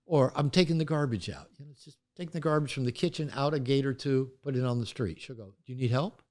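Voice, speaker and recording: A man's voice: mid-range voice, quick pace. An older man, an author and therapist, talking candidly in an interview and acting out quoted voices as he tells stories. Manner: animated storytelling, acts out quoted voices.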